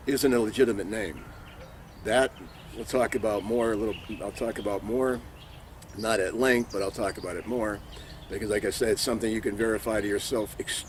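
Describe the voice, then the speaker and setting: A man's voice: lowish voice, darkish tone, a little hiss or hum. Earnest man teaching scripture. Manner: earnest, repeats key points for emphasis. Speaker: Bible teacher. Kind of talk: informal religious teaching. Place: sitting somewhere in Israel.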